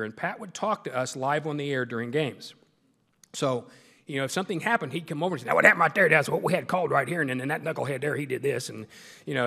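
A man's voice: mid-range voice, a bit bright, big-room sound. A man giving a humorous storytelling speech as a guest speaker, full of self-deprecating jokes. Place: large meeting hall.

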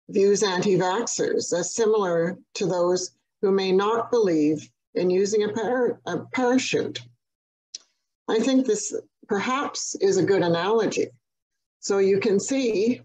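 A woman giving a prepared webinar presentation on healthcare quality, speaking in a measured, deliberate way with occasional restarts. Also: fairly low pitch, a little mellow, husky, poor audio.

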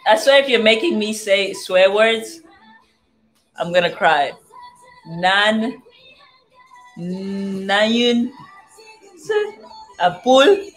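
A woman's voice: mid-range voice, animated, a little slow, pauses often. A young woman from southern Africa chatting casually as a vlogger, playfully sounding out foreign phrases one by one. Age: young adult. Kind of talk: casual livestream chat. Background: faint music playing.

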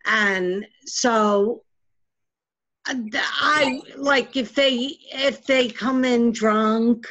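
Soft-spoken woman, talks slow, lots of short yeahs. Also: on the high side, rough recording. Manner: soft-spoken, mostly brief agreeing replies. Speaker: guest, sister of a patient. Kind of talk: casual conversation.

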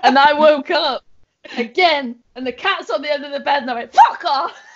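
A woman talking as a guest on a casual podcast, telling animated stories and swearing freely. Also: high voice, fairly quick, lo-fi sound. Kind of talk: casual chat.

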